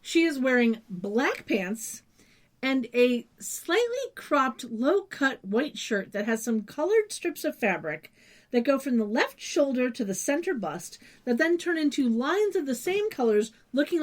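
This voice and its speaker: A woman's voice: sits high, big pitch swings, measured pace. Chatty woman recapping with casual swearing. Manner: rambling, swears casually, detailed describing. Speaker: podcast co-host.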